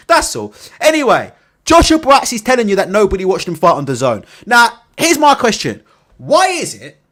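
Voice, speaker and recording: High-pitched and fairly bright, this man hosts a boxing channel and offers casual opinions packed with rhetorical tags such as "innit?" and "right?". He swears offhandedly and laughs at his own jokes.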